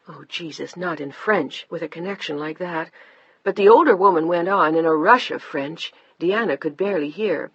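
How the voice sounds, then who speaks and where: An audiobook narrator reading a novel in measured, even storytelling. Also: medium pitch, slightly rough, dry recording, muffled recording. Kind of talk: scripted narration.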